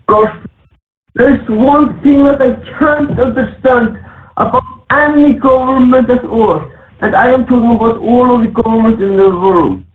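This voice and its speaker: A man's voice: extremely high pitch, measured pace, echoey room, slight background noise. A man calling in to a radio show, his words muffled as if he has something in his mouth. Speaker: caller.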